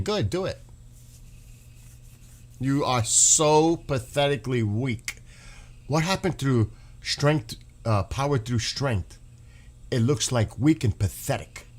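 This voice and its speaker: A man's voice: medium pitch, expressive, unhurried. A man ranting in exasperated, sarcastic political commentary, swearing as he reads posts aloud and mocks them. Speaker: streamer reacting to news.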